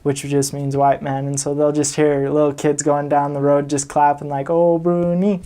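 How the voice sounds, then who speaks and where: Young man telling stories in a flat voice. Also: on the high side, moderate pace. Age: young adult. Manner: relaxed, chuckling, with fillers. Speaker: returned missionary. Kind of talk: casual storytelling.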